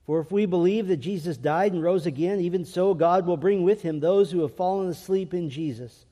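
Emphatic preacher in a reverberant hall. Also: male voice, high voice, a little fast. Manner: emphatic, rising to loud proclamations. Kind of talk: sermon. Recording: long reverb of a large hall.

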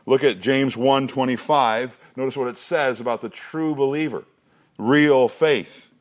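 A middle-aged man preaching to a student youth group. He says the memory lines slowly with emphasis and drops in joking asides. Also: mid-range voice, fairly even intonation. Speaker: student ministry pastor.

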